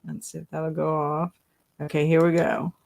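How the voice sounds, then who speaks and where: A woman's voice: sits low, little pitch movement, moderate pace, vocal fry, a little mellow. A woman hosting a casual live stream, chatting, laughing often and reading viewers' comments aloud. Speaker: livestream host.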